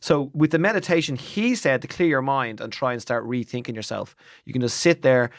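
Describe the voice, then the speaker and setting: An Irish man co-hosting a podcast in casual chat, animated and jokey, rambling with restarts. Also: mid-range voice, fairly quick, no echo, studio quality. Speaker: podcast co-host.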